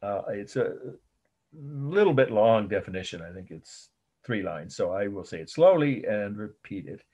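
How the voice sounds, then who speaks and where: A low, husky male voice delivers an art history lecture at an easy classroom pace. He dictates key definitions word by word and repeats them, with frequent ums and uhs between phrases. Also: animated, moderate pace, mellow, lo-fi sound.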